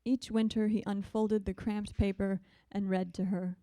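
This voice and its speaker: A woman poet reads her work in a measured, deliberate way, her voice mellow and smooth. The sound is close and dry. Between poems she turns soft and hesitant. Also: mid-range voice, level tone, no echo. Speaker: visiting poet. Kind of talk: poetry reading.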